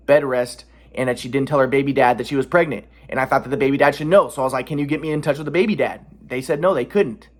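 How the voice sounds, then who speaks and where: A man telling a personal story casually, rambling with many restarts and defensive repetitions. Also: medium pitch. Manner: agitated, defensive. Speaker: vlogger.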